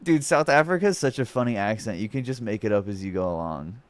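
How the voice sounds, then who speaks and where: A man's voice: on the low side, animated, fast talker. A man streaming casual reaction commentary, mocking and swearing freely, laughing often between remarks.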